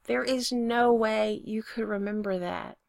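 A woman reading aloud, voicing a shy, flustered young man with a squeaky voice in a storybook romance. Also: measured pace, creaky, a little mellow, dry recording. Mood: anxious.

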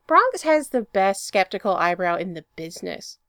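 A woman narrating fan fiction in an expressive storybook reading. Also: medium pitch, normal speed, no echo, studio quality.

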